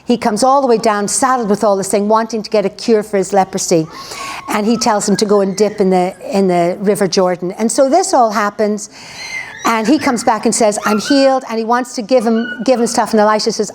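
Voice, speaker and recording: A woman's voice: medium pitch, darkish tone, a little hiss or hum. A woman preacher retelling a story in a chatty, conversational sermon, full of restarts and asides. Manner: chatty, lots of "you know", restarts.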